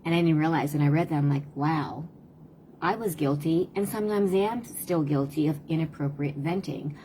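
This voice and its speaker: A woman in her fifties giving earnest, conversational parenting advice on a live stream, often pausing to hesitate. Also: low voice, mellow, a little hiss or hum. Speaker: parenting talk host and tutor.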